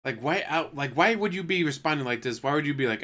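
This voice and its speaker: A man's voice: on the high side, lively intonation, fast talker, few pauses, pushed and bright. A man reacting to a video in blunt, incredulous commentary, swearing often and mocking the person he watches. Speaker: commentary streamer. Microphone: desktop USB mic.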